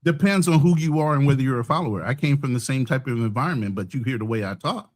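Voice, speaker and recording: A man's voice: mid-range voice, lively intonation, fast. An American man hosting a heated casual debate, blunt and profane, talking over others. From United States.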